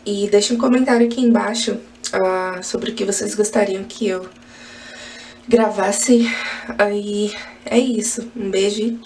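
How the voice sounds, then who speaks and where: A woman with a Brazilian accent, talking casually to her vlog viewers in a brisk, friendly way. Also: medium pitch, steady tone, a little mellow, distant mic, slight background noise. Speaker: vlogger.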